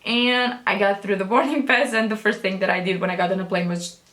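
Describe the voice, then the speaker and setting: A woman's voice: medium pitch, steady tone, brisk, fairly bright tone, reverberant. A young woman vlogger telling a storytime in a rambling, chatty way, with casual swearing and many restarts. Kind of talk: storytime vlog.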